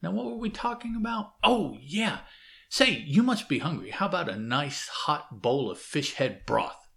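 A man's voice: very animated, normal speed, gravelly, fairly bright tone, exaggerated voice. A forgetful old housemaid who chatters away and loses her train of thought, as a man reading a comic puts her on. The voice sits well above a man's usual range. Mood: chattering. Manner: high, scatterbrained, chattering. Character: fussy forgetful old woman servant.

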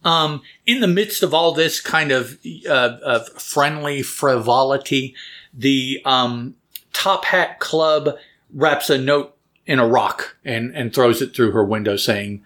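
Man co-host, mid-pitched, loose and jokey, wanders off on tangents, conversational comic talk. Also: slow pace, fairly bright tone. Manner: jokey, digressive, frequent restarts. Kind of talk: casual chat.

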